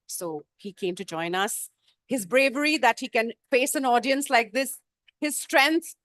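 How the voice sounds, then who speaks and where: A woman's voice: mid-range voice, a bit bright, dry recording. Brief: middle-aged Indian-accented woman, emphatic stage speaker, musician addressing a business crowd. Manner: emphatic, rhetorical questions, sings note names. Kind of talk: motivational talk with music. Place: conference stage.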